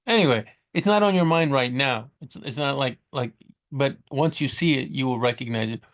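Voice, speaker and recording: American man giving a rambling casual lesson. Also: mid-range voice. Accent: American English. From United States. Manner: rambling, with many fillers and restarts. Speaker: Spanish teacher.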